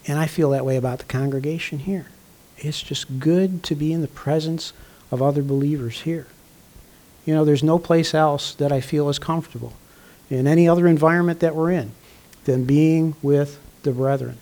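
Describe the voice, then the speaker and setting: An older man, a pastor, delivering a conversational sermon with frequent throat clearing and fillers. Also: fairly high pitch, moderate pace, warm tone.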